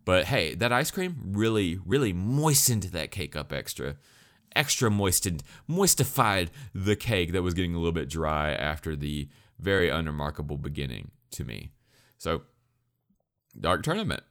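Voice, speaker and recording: Deep-voiced man ranting about anime. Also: big pitch swings, moderate pace, a bit bright. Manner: rambling, frequent restarts and stutters, profane. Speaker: anime reviewer. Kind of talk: casual spoken review.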